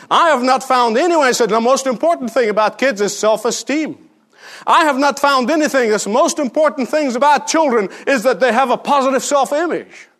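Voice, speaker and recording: A man's voice: extremely high pitch, fairly bright tone. A middle-aged man preaching a sermon, emphatic and fond of rhetorical questions, repeating lines for stress. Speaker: pastor.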